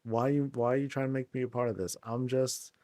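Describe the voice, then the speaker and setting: A man's voice: medium pitch, little pitch movement, a little fast, dark tone, dry recording, lightly acted. A man voicing a weary, sensible male fish who reasons his way out of trouble in an exasperated tone.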